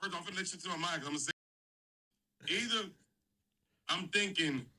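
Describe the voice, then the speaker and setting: A man's voice: high-pitched, brisk, pushed and bright. A man talking hesitantly in casual chat, stumbling over his words, from away from the mic. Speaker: friend on the stream. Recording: distant voice off mic.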